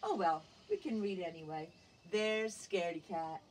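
A woman teacher reading a picture book aloud to young children, gently asking them questions as she goes. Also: on the low side, animated, normal speed, slight background noise.

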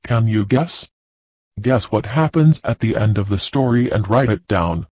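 A man teaching, reading a children's story and class activities aloud slowly and deliberately. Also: fairly low pitch, lively intonation, darkish tone. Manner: slow, deliberate, clear reading. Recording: dull, dry lo-fi recording.

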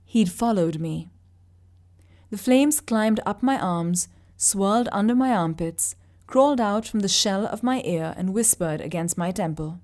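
A woman narrating fiction with a steady, vivid delivery. Her voice sits at a middle pitch for a woman. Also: measured pace. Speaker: reader. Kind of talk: audiobook narration.

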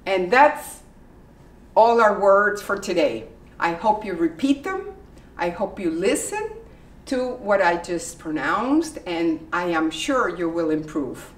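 A woman teaching English pronunciation in a library, repeating example sentences slowly and carefully. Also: mid-range voice, animated, a little hiss or hum. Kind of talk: pronunciation lesson. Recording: echoey room, voice from the mic's distance.

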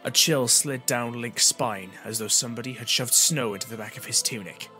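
A man reading an audiobook chapter as narrator, in an even storytelling manner. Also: medium pitch, normal speed, soft background music. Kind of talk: scripted narration.

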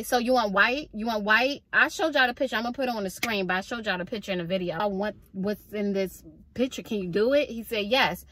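Young woman, vlogger, frustrated venting, slightly high voice, dry recording. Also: no room sound. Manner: frustrated, venting, animated storytelling. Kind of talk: casual vlog rant.

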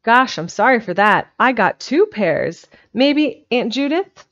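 A scrappy, boastful country boy, as a woman reads him aloud, full of rough slang and ready threats. The recording is slightly muffled and lo-fi. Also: a little high, animated, takes it slowly, fairly bright tone. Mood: earnest. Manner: rough slangy boyish speech.

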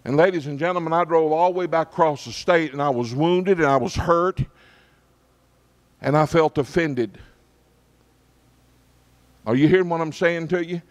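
Pastor, middle-aged man, folksy storytelling sermon with frequent asides to the congregation, a touch higher-pitched than most men. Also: moderate pace, long pauses. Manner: folksy preacher, checks in with the congregation often.

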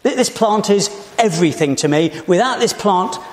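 Male prophet, sulking and overdramatic, voiced high and fast against a long church echo, put on by a preacher. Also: lively intonation. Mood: sulky. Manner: exaggerated, whining outburst.

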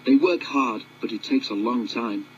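A man voicing a steady, good-natured male engine who tells a cautionary tale in a calm, kindly way. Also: mid-range voice, moderate pace, a little hiss or hum, natural voice. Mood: chatty. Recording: dull lo-fi audiobook with music.

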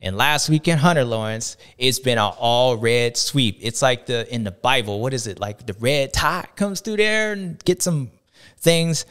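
Playful slangy man with a smooth voice. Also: measured pace, fairly bright tone. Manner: playful, acts out other people's reactions in jumps of pitch; slangy, drawling delivery. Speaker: host of a racing talk show. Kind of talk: animated casual commentary.

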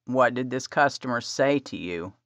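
A woman voicing a low, gentle husband. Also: expressive, normal speed, no echo. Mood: concerned. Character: tender protective adult husband. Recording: dry, slightly dull audio.

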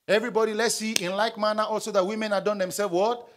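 A pastor preaches a sermon in church, reading scripture and asking his congregation questions so they answer back in call-and-response. His voice sits high, and he talks fast with a flat delivery.

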